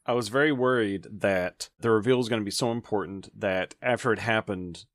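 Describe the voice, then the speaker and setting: Deep-voiced man reviewing movies. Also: a little fast, a bit bright, no room sound, clean studio sound. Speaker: podcast co-host. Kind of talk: casual movie review chat.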